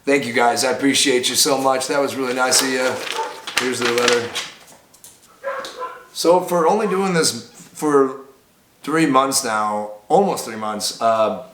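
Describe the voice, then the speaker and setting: An excitable, chatty man opens mail sent in by viewers, talking casually in a mid-pitched voice and now and then breaking into loud excited cries. His voice bounces around an echoey room, with a faint hiss underneath. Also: moderate pace. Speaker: bar owner and vlogger. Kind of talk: casual mail-opening vlog.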